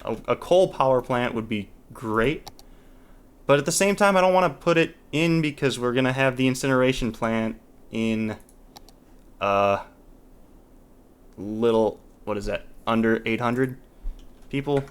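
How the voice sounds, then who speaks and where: Speaking at a medium pitch and a somewhat slow pace, this man pauses often, his tone clear and resonant. He's hosting a let's play, musing casually with restarted sentences, trailing thoughts, and a touch of exasperation.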